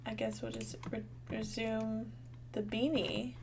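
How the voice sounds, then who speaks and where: A woman's voice: fairly high pitch, big pitch swings, slow, noisy background. A young woman giving casual, bubbly gameplay commentary, thinking aloud and chatting to her viewers. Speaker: gaming channel host.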